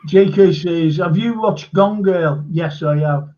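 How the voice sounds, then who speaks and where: A man's voice: high voice, slow, dark tone. A man hosting a live stream, reading viewer comments aloud and chatting casually with fillers. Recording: dull lo-fi stream audio.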